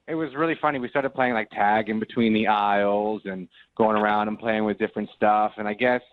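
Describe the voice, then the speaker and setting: A man's voice: fairly low pitch, fairly even intonation, a little fast, dry recording. Casting note: man in his late 20s, radio caller, sheepish and rambling, tinny phone line. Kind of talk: phone call to a radio show.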